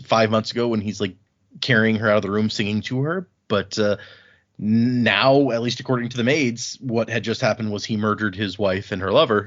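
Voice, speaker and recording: A man co-hosting a podcast, casually recapping book chapters and paraphrasing the characters' lines in an animated way. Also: on the low side, dull audio. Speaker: podcast co-host.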